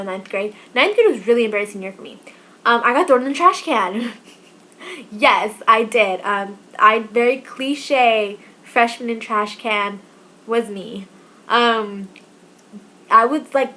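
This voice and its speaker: Woman, early 20s, slightly high voice, chatty vlog storyteller acting out dialogue. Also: a little hiss or hum. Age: twenties. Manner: chatty, animated, acts out quoted dialogue. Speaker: vlogger.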